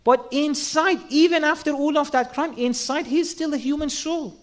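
Guy with a really high voice preaching, earnest, lots of rhetorical questions. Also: normal speed. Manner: earnest, asks rhetorical questions and acts out quotes. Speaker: religious speaker. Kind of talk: sermon.

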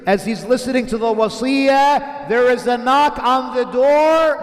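Very high-voiced impassioned male preacher. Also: unhurried. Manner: impassioned, chants phrases in Arabic. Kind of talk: emotional sermon storytelling. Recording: long hall reverb.

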